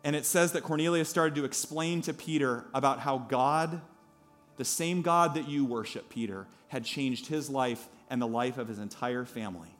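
A pastor preaching a sermon at a church service, telling a story in a lively way with asides to the congregation. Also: male voice, medium pitch, normal speed, soft background music.

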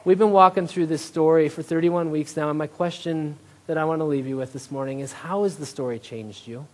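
High-voiced man preaching a chatty sermon. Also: steady tone, fairly quick. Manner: conversational, tag questions like "right?"; self-deprecating humor. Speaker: pastor.

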